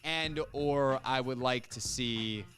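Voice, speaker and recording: A man hosting a sports talk radio show, joking with his producer in a quick, casual way. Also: mid-range voice, a bit bright, faint music behind.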